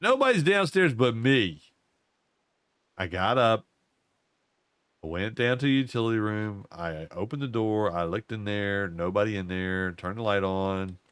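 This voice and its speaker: An older gaming channel host with a lowish voice talks at a normal speed in a clean tone, with no room sound. While playing a game at home, he tells a casual, folksy story, rambling and repeating himself.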